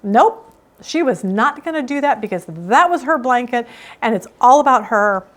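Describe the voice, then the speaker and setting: A woman's voice: a little high, lively intonation, normal speed. A middle-aged woman teaching a Bible study in a casual, emphatic, storytelling way.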